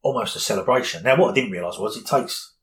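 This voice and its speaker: A man's voice: fairly low pitch, fast talker, a little hiss or hum, poor audio. A middle-aged man, candidly telling a personal story in an interview, rambling with many fillers.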